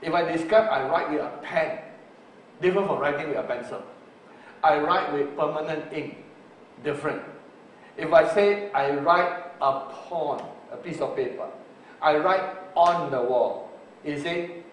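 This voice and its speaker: A male preacher teaching on Greek word roots in a sermon, slow and full of fillers. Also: fairly high pitch. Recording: roomy distant recording with faint hiss.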